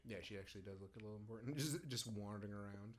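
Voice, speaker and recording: A man's voice: on the low side, very fast. A man co-hosting a let's play, giving casual commentary full of crude jokes and laughter. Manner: crude joking, laughs a lot.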